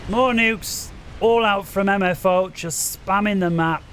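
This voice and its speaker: High-voiced excitable male game commentator. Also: measured pace, a little hiss or hum. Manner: animated, urging players on, bouncing in his chair. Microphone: desk microphone.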